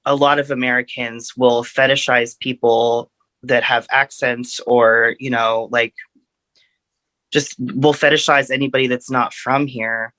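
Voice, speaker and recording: Florida-raised male podcast guest with a bright, tense tone and a dry close sound. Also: medium pitch, little pitch movement, a little slow, no echo. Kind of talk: casual podcast chat.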